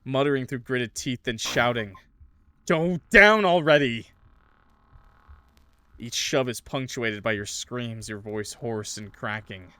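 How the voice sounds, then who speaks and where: A man's voice: mid-range voice, flat delivery, a little slow, hardly any pauses, fairly bright tone, no echo. A man streaming a horror visual novel, reading it aloud dramatically with casual joking asides. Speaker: gaming streamer.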